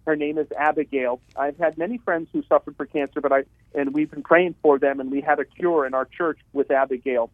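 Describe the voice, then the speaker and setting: A male Catholic priest speaks earnestly, stumbling over and repeating his words as he preaches. His voice sits a little high and dry. It comes through a thin, tinny phone line with no room sound. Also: steady tone, fairly quick, no echo. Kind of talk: radio talk on faith. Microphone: telephone.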